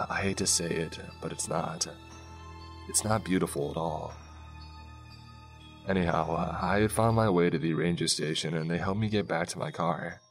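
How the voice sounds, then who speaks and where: A man narrating a first-person scary story in a slow, hushed way, with soft music behind him. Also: sits low. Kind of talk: scripted horror story narration. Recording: faint background music.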